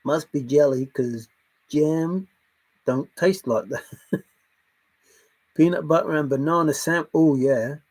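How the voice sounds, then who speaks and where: A man's voice: fairly high pitch, slow, pauses often, a little mellow. A man hosting a livestream, chatting casually, laughing often and drifting from topic to topic as he reads the chat. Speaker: livestream host reading chat.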